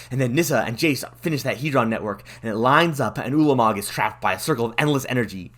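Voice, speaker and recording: A man retells a fantasy story in a breezy, jokey way, full of casual slang, as a comedic recap. He talks fast, and his pitch jumps all over the place. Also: a bit bright. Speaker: storyteller and channel host.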